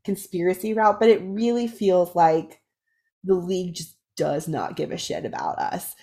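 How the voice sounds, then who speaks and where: A woman co-hosting a casual sports podcast, animated and full of "like" fillers, her voice a bit raspy from recent illness. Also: fairly low pitch, moderate pace. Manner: animated fan, many "like" fillers. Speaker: podcast co-host. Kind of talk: casual chat.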